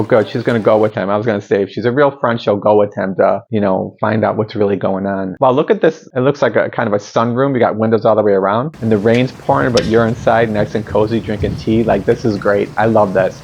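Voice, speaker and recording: A man's voice: lowish voice, fairly even intonation, a little fast, gravelly, hardly any pauses, a little mellow, dull audio. A man hosting a movie reaction video, chatting in an upbeat way and wondering aloud about what he sees. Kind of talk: casual reaction commentary.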